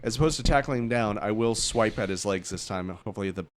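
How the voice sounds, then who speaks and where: A man's voice: fairly low pitch, quick pace, a little hiss or hum. A man playing a tabletop game, eagerly talking through his moves as he plays. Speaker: player. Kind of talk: casual tabletop play.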